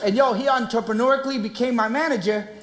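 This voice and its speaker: A man's voice: very high voice, fast, reverberant. Brash New man performing on stage. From Queens, New York. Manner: brash, streetwise, animated with slang. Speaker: comedian and actor. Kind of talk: one-man stand-up stage show. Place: theater stage.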